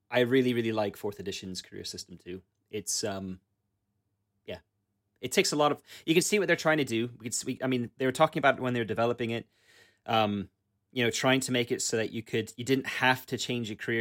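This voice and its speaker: A man with a mid-range, fairly bright voice co-hosts a podcast on tabletop games. His talk is loose and rambling, peppered with fillers and restarts.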